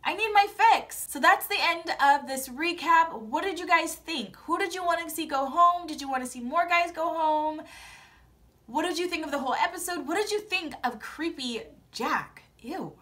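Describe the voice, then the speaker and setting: A woman vlogger giving a casual, gossipy recap of a TV episode and telling it with animated storytelling. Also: high voice, moderate pace.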